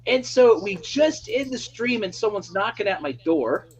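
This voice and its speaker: A man hosting a live stream, telling an excited, rambling story in casual chat. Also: high-pitched, moderate pace, husky, dull audio. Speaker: livestream host.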